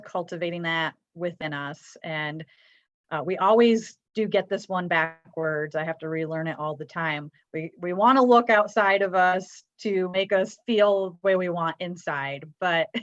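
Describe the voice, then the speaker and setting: A woman's voice: lowish voice, no echo. A woman joining a spiritual talk radio show as a guest, speaking earnestly and thoughtfully. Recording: dull, dry remote line.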